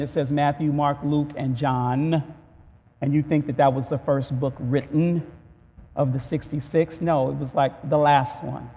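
A man preaching as a pastor, moving from relaxed conversational talk to loud shouted call-and-response preaching with rhetorical questions. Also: on the high side, long reverb tail. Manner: asks rhetorical questions to the congregation. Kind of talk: sermon.

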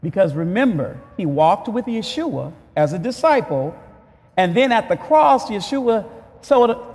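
A man preaching as a pastor, moving from relaxed conversational talk to loud shouted call-and-response preaching with rhetorical questions. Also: high voice, normal speed, big-room sound. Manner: asks rhetorical questions to the congregation. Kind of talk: sermon.

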